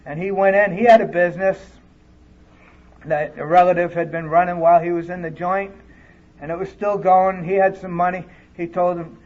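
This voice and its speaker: High-voiced man telling his recovery story. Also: fairly even intonation, normal speed, long pauses. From California. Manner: earnest, candid storytelling with plain speech. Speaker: recovery speaker. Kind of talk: personal recovery talk. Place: conference hall, live audience. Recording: dull lo-fi tape recording.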